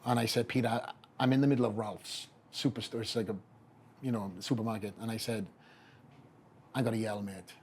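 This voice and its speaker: Talking fast in a medium-pitched voice, a Welsh middle-aged man shares his bodybuilding story on a podcast, with a little hiss or hum in the recording. He's animated and performs the voices of people he quotes.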